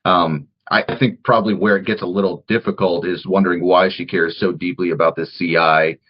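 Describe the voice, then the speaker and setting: A man with a Midwestern US accent co-hosts a casual show discussion, in a low, husky voice. He talks haltingly, with plenty of ums and restarts. The sound is a bit muffled and lo-fi. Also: steady tone. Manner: hesitant, many fillers and restarts. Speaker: co-host.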